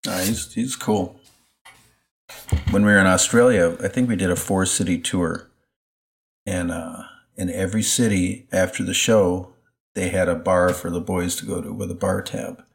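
A man co-hosting a podcast, relaxed and chuckling as he tells a story from the road. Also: low voice, normal speed, vocal fry. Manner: relaxed anecdote teller, chuckling. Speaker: podcast co-host, former wrestler. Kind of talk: casual chat.

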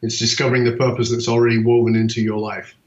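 A man's voice: medium pitch, quick pace. A middle-aged man tells stories as a podcast guest and acts out both sides of remembered conversations. His voice sits in the middle of the range. The sound is roomy and a little dull, as if it came from a remote setup. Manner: animated storyteller, acts out dialogue. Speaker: podcast guest, speaker and author. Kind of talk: storytelling interview talk.

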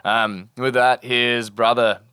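A man's voice: mid-range voice, flat delivery, slow pace, pushed and bright, smooth, no echo, studio quality. A young Australian man telling a spearfishing story as a podcast guest in a laid-back, slangy way, swearing freely. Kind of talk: casual storytelling.

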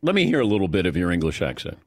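A man hosting a sports radio show, asking questions in a quick, teasing, curious way. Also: sits low, big pitch swings, darkish tone. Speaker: radio sports talk host. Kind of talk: casual radio interview. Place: radio studio.

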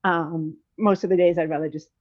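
On the low side and steady in tone, this woman's voice moves briskly as she speaks frankly in a conversational podcast interview. She's in her thirties, a guest who rambles with lots of fillers and restarts, captured in dull lo-fi sound.

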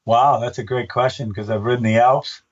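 Older guy announcer telling stories, acts out his yelling, kinda dull lo-fi sound. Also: mid-range voice, moderate pace, far from the mic. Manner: animated storyteller, acts out his own shouts. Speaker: race announcer and book author. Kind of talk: casual interview chat.

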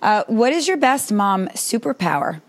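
A woman's voice: fairly high pitch, big pitch swings, normal speed. Upbeat woman hosting a podcast. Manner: upbeat, encouraging, scripted questions. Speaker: podcast host. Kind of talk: interview hosting.

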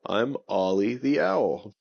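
A man's voice: medium pitch, animated, takes it slowly, creaky, dry recording, dull audio, pitched above the performer's own voice, full character voice. A man voicing a giant, friendly male owl who speaks politely and earnestly.

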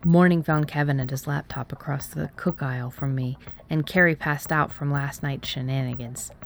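Low-voiced woman narrating a wry mystery. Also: steady tone, moderate pace, a little hiss or hum. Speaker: audiobook narrator. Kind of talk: first-person story narration.

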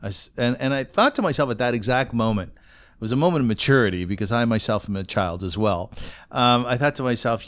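A man's voice: mid-range voice, brisk. A man hosting a podcast, chatting casually and telling a story of his own. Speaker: podcast host. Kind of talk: casual conversational interview.

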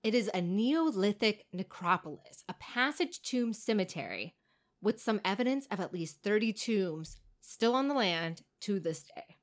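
A woman's voice: mid-range voice, very animated, measured pace. A woman co-hosting a podcast, telling a story in a playful, giggly way and slipping into voices. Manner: playful, giggly, tells stories with put-on voices. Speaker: podcast co-host. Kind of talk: casual comedic chat and storytelling.

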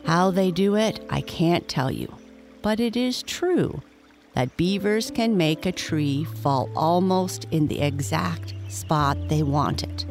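Bedtime story reader, slow and gentle, middle pitch. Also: animated, faint music behind.

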